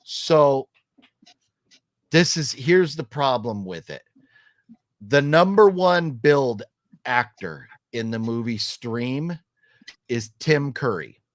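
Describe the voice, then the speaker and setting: A man's voice: medium pitch, expressive, takes it slowly, no room sound, clean studio sound. A middle-aged man hosting a casual vlog, talking through his opinions in a rambling way, with lots of ums and restarts. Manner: acts out quoted lines while telling a story. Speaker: vlog host reviewing a horror movie trailer.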